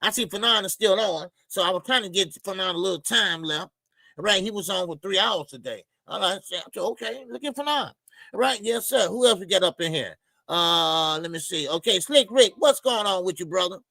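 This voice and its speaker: A man's voice: high-pitched, lively intonation, a little fast, gravelly, dry recording. A man hosting a casual boxing livestream, laid-back and chatty, greeting viewers by name and laughing often. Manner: loose, shout-outs to chat, laughs often.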